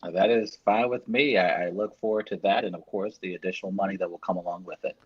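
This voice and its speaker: A man's voice: sits low, steady tone, fast talker, husky, dry recording, highs cut off. A man co-hosting from a remote line, laughing and firing back good-naturedly in casual banter. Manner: laughing, mock-defensive ribbing. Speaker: co-host calling in.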